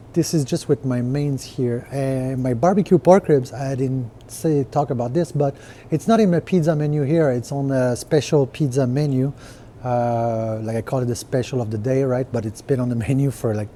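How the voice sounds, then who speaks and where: A man's voice: medium pitch, dark tone, a little hiss or hum. A man who owns restaurants, casually walking through his menu on a screen share, with lots of fillers and rhetorical "right?" checks. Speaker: restaurant owner podcaster. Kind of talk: casual explanatory walkthrough.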